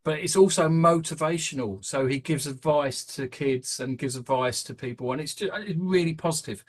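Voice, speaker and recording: A man's voice: a little high, moderate pace, slight background noise. A British man hosting a casual podcast, rambling with plenty of ums and restarts. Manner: rambling, hesitant, many fillers. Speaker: podcast host.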